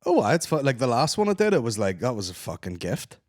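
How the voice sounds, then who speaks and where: A man's voice: mid-range voice, big pitch swings, quick pace, a little mellow, dry recording, studio quality. A man guesting on a podcast as a comedian, swearing freely while he tells stories. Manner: sweary, storytelling. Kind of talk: casual podcast banter.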